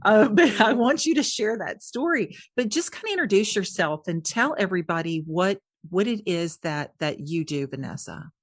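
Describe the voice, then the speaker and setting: A middle-aged woman hosting a podcast interview, enthusiastic and effusive, with quick asides to her listeners. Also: mid-range voice, lively intonation. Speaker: podcast host.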